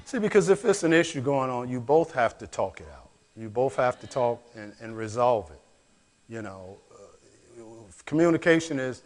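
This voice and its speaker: A man's voice: mid-range voice, expressive, normal speed. A man with a Chicago accent, a pastor, answering questions in a reflective, conversational teaching manner. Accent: Chicago African American English. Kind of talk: church Q&A discussion.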